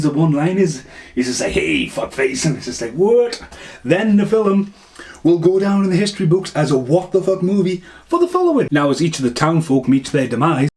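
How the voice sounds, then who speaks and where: A man's voice: a little high, a little mellow. A man giving a casual, rambling film review, swearing freely and laughing at his own jokes. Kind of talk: casual movie review rant.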